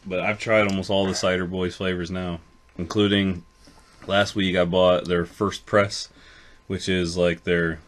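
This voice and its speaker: A man's voice: deep voice, flat delivery, a little slow. A man co-hosting a casual podcast, chatting in a laid-back way and swearing now and then. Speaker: podcast co-host. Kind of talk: casual chat.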